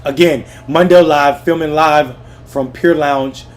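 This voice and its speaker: This man's voice sits fairly high and stays fairly even as he talks at an unhurried pace, with slight background noise. Hosting a livestream from a Washington lounge where TVs are on, he rants about politics with profanity and heat, speaking right to his chat over music and TV sound.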